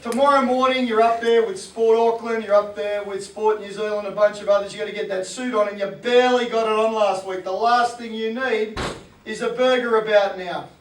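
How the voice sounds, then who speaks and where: A man's voice: high-pitched, steady tone, a little fast, roomy sound, distant mic, a little hiss or hum, natural voice, low-quality recording. Man voicing a stern disciplined inner voice. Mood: firm. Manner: stern, scolding.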